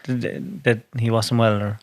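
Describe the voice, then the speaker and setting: A man on a podcast, asking gentle questions and offering short, sympathetic replies. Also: on the low side, little pitch movement, unhurried, dry recording. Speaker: podcast guest. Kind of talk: casual conversation.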